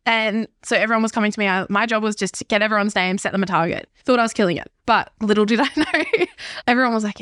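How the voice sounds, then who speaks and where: A young woman, a podcast guest telling a candid, animated personal story. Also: medium pitch, quick pace, no echo, clean studio sound. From Australia.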